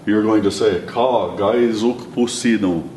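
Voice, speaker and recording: A man teaching a language lesson, patiently repeating words slowly for his learners. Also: darkish tone. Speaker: language instructor. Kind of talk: classroom lesson. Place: classroom or lecture room. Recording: echoey room, mic at a distance, faint rumble.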